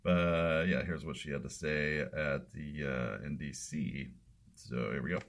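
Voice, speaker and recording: Male podcast host, deep, sardonic, slow and halting. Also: steady tone. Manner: sarcastic, drawling, halting with fillers. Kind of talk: political commentary podcast.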